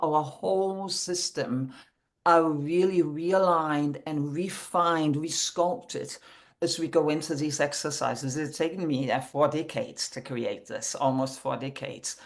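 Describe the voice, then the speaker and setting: A woman's voice: deep voice, unhurried. A middle-aged woman from Denmark with a Danish accent, answering interview questions in an earnest, spiritual way with slightly non-native phrasing. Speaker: founder of a voice method, guest.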